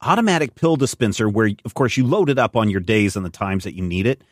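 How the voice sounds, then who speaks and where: Male podcast co-host, rapid and eager, lowish voice. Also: expressive, no room sound, studio quality. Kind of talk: casual chat.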